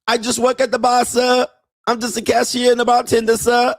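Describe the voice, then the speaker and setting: In a clean studio recording with no room sound, a man puts on a high, wheedling young Thai bar girl in a mock Thai accent, speaking broken English and adding "sir" to each line. The sweet-talking character pleads her innocence, sing-song and coaxing with repeated "sir" and "Po," yet the delivery is completely flat and brisk.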